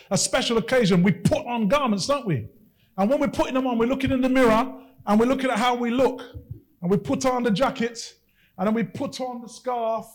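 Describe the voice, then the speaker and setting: A male preacher with a notably high voice who drives his points home with repetition and rising emphasis. He moves from quiet, earnest stretches to loud, insistent exhortation. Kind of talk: sermon.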